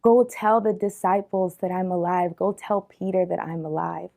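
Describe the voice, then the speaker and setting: A woman voicing Jesus in a Bible story, giving plain, calm commands in her own voice. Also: on the low side, moderate pace, creaky. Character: risen Jesus, calm male teacher.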